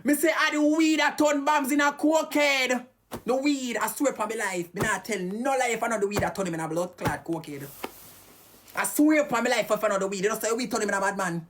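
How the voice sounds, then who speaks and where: A woman's voice: medium pitch, expressive, fast talker, a little hiss or hum. A Jamaican woman ranting heatedly and cursing on a live stream.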